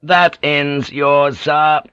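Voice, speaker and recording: A man voicing a gruff, hot-tempered samurai general who speaks bluntly and with urgency. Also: on the high side, fairly even intonation, drawn-out words, pushed and bright, no echo, dull audio, voice pushed up, full character voice. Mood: dutiful.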